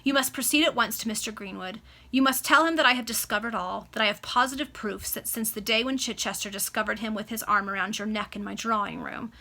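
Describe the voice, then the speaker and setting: A woman's voice: a little high, fairly quick, sharp tone. A woman voicing a stern, scheming male baronet who orders his wife about, reading aloud over a video call. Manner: authoritative, emphatic. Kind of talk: amateur read-aloud.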